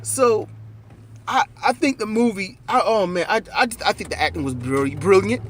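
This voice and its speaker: A man in casual, animated conversation about a movie, riffing with profanity and acting out lines while riding in a car. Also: high-pitched, normal speed, slight background noise. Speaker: co-host.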